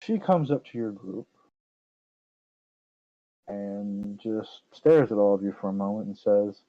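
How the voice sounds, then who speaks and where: A man narrating as game master of a tabletop game, in a relaxed, meandering way. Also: on the low side, a little slow, pauses often, no room sound, dull audio.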